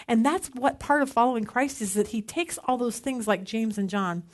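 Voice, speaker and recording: A middle-aged woman teaching a women's Bible study in a casual, animated way, acting out the voices in her stories. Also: on the high side, moderate pace, hardly any pauses.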